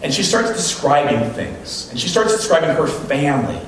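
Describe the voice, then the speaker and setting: Speaking at a moderate pace in a slightly high voice, a man delivers a sermon as a pastor, bringing stories to life by acting out people's quotes. Slight background noise is present, and a distant mic captures a very echoey room.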